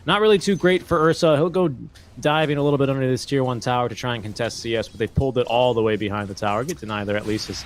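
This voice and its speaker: A man's voice: mid-range voice, quick pace, a little hiss or hum. A man giving live esports play-by-play commentary with an easygoing, jokey manner.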